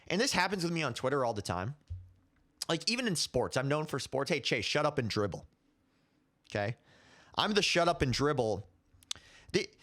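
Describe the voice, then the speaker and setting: Ranting young man with lively pitch. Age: 20s. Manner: heated, ranting, repeats himself. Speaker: commentary show host. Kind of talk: casual opinion commentary.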